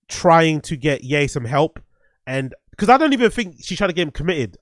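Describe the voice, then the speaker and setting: A podcast host with a somewhat high voice talks bluntly and swears freely. He works his thoughts out aloud in loose livestream commentary, with plenty of restarts. The sound is close and dry. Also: no echo. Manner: blunt, profane, opinionated; thinks aloud with restarts and fillers.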